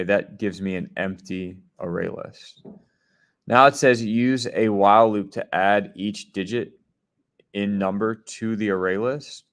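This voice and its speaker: A man leads a coding lesson with a somewhat low voice. He explains each step patiently and keeps checking that his students follow along. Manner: step-by-step explaining, often checking in with "right?" and "okay?". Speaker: programming teacher. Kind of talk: screen-share coding lesson.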